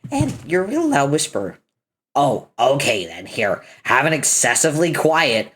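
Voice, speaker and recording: A woman's voice: very deep voice, normal speed, slightly rough. A woman reading a comic aloud, voicing its characters and adding casual commentary between lines. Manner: animated, switches between character voices. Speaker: reader of a webcomic.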